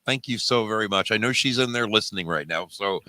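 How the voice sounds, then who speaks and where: A man's voice: on the low side, fairly quick, dry recording. A man hosting a live call-in show, effusive and full of laughter, thanking a caller. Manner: effusive, warm-hearted, laughing. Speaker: host.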